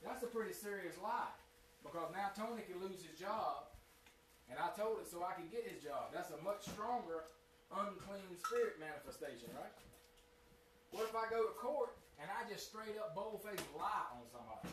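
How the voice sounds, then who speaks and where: A man's voice: high-pitched, expressive, normal speed, background noise. A man giving a conversational Sabbath sermon in a meeting room, talking in a folksy way and putting direct questions to his small congregation. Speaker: Sabbath teacher. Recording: roomy sound, mic at a distance.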